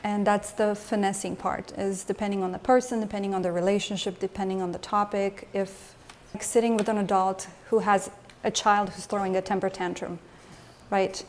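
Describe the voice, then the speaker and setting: A woman with a middle-pitched voice leads a lecture as an emotional health coach. She talks to a live group in a room and keeps drawing them in with questions. Her delivery is conversational rather than scripted. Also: flat delivery, normal speed, darkish tone, a little hiss or hum. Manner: engaging, asks the audience questions. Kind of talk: lecture with audience exchange.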